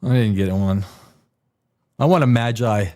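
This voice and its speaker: A middle-aged livestream host rambles and jokes casually, often laughing at himself. He speaks unhurriedly in a fairly low voice with a darkish tone.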